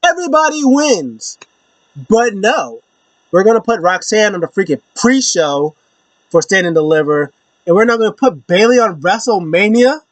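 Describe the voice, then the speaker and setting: A young man recapping wrestling in a loose, slangy vlog style. His voice sits a little high, and he breaks into pitched-up imitations of the wrestlers. The sound is dry and close, with no room around it. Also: sing-song, moderate pace, dry recording. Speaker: wrestling show reviewer. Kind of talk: casual opinion vlog.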